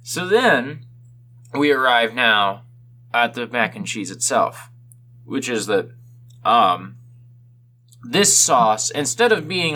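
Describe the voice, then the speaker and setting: Animated podcast co-host ranting about food. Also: male voice, mid-range voice, slow pace, a little hiss or hum. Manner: animated ranting, exaggerated complaints. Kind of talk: casual podcast chat.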